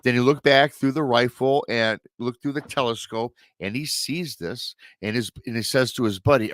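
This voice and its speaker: Guy hosting a podcast, telling a story all excited, dry close sound. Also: medium pitch, moderate pace, few pauses, dry recording. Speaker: podcast host. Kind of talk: casual chat.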